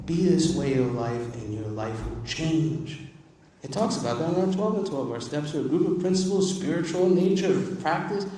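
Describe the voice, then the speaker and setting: A man's voice: fairly high pitch, lively intonation, normal speed, dark tone, slight background noise. A man from New York giving an emphatic, humorous recovery talk to a live audience at a convention. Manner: emphatic, repetitive, humorous storytelling. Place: large convention hall. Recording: far-off mic in an echoey hall.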